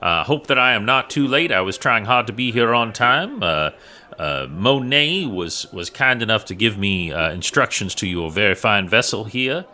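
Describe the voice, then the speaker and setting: A man's voice: animated, bright, forceful tone. A man voicing an overly polite, eager male adventurer who speaks formally and hesitantly. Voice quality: formal, courtly phrasing. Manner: high, drawn-out, hesitant delivery.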